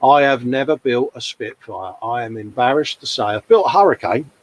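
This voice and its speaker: A man's voice: medium pitch, normal speed, rough recording. Friendly male host, easygoing chat, leans on "mate" and tag questions. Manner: chatty, matey, full of tag questions. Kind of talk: casual live-stream chat.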